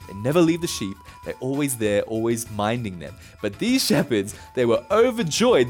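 A man's voice: medium pitch, very animated, moderate pace, few pauses, a little mellow, faint music behind. A man preaching a sermon as a pastor, telling the story in a casual, playful way.

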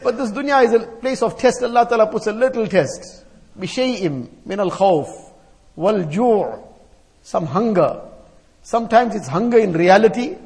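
In a hall with long reverb, a man delivers a sermon as an Islamic scholar before scholars and elders, chanting Arabic verses and explaining them through rhythmic, repeated lists. His voice is extremely high, brisk and a little mellow.

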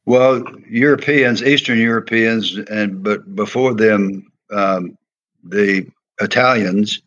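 A man's voice: lowish voice, takes it slowly, fairly bright tone, lo-fi sound. An older man with a Southern accent, a former football player and coach telling earnest, emphatic stories in an interview. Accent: American Southern. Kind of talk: storytelling interview.

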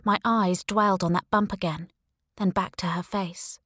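A woman reading a first-person thriller audiobook, slow and deliberate with lively expression. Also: on the low side, no room sound, studio quality. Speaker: audiobook narrator. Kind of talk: scripted first-person narration.

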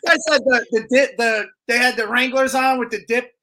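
High, bright-voiced storytelling man. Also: moderate pace, low-quality recording. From New Jersey. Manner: profane, animated storyteller. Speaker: podcast co-host. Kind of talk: casual sports chat.

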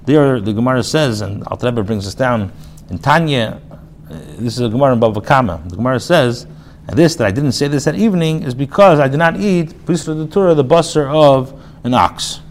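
A rabbi giving a casual spoken class, reading phrases aloud and then explaining them in plain talk, with restarts and fillers. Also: male voice, mid-range voice, lively intonation, a little fast. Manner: reads Hebrew phrases then paraphrases them in English; frequent restarts and filler, conversational. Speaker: rabbi teaching a text class.

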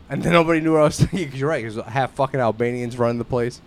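A man in casual joking chat, a loud, swearing storyteller who stammers and restarts. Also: mid-range voice, very fast, no room sound.

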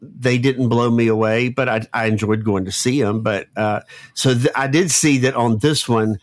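A man in his fifties from Florida with a Southern accent, chatting on a podcast in a halting, rambling way full of restarts. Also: mid-range voice, steady tone, no room sound. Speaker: podcast co-host. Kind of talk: casual chat.

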